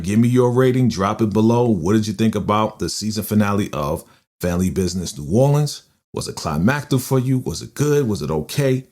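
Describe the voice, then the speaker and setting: A man with a fairly low, darkish voice hosts a recap channel, casually walking through a TV episode on a studio podcast microphone. He retells scenes and acts out the characters' lines in slang.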